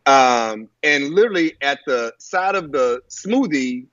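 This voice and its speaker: A man telling a personal story in a halting way, with many fillers and restarts, on a muffled lo-fi recording. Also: medium pitch, expressive, a bit bright, no room sound. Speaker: guest. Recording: muffled lo-fi audio.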